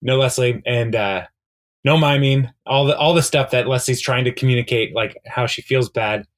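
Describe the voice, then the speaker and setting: A man's voice: medium pitch, moderate pace. A man co-hosting a podcast, recapping a TV episode in casual chat, rambling with many fillers and quoting the characters' lines as he retells scenes. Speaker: podcast co-host.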